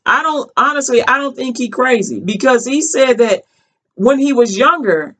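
A woman's voice: high-pitched, expressive, moderate pace, fairly bright tone. Chatty woman telling a story. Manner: chatty, rambling, many fillers and restarts; colloquial, earnest. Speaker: vlogger. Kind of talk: casual storytelling commentary.

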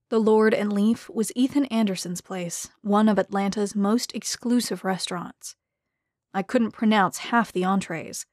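Woman, audiobook narrator, measured and even, dry close recording. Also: medium pitch, no echo. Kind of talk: scripted narration.

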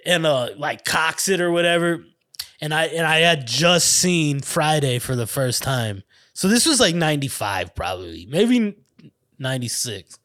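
A man around forty with a somewhat high voice, hosting his own podcast. He tells stories in a loose, rambling, foul-mouthed way, circling back and restarting as he goes. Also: expressive, a little slow, fairly bright tone. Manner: rambling, profane, laid-back, restarts and laughs often. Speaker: podcast host. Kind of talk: casual storytelling monologue.

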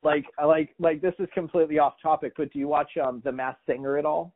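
Rambling podcast host, tinny sound. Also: male voice, a little high, steady tone, fairly quick. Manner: rambling storyteller, many restarts and quoted voices. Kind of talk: casual chat.

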